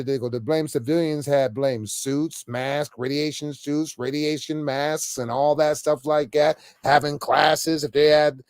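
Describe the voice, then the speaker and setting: This political commentator vlogger's slightly high voice has a darkish tone, recorded dry and studio-clean. His unscripted rant to camera is emphatic and repetitive, marked by frequent stammers and phrases closing with "man."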